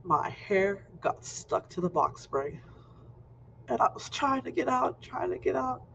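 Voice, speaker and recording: A man in his fifties telling a personal story in an animated way, acting out scenes, in a muffled lo-fi recording. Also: very high voice, unhurried, creaky. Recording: muffled lo-fi recording with faint noise.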